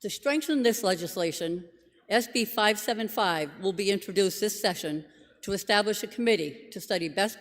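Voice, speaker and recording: A state legislator reading a measured, formal floor speech that lists objections one by one. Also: medium pitch. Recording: long reverb of a legislative chamber.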